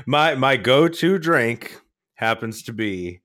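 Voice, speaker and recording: A man's voice: medium pitch, lively intonation, takes it slowly, fairly bright tone. A man from Michigan chatting casually as a podcast guest, easygoing and laughing. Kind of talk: casual chat.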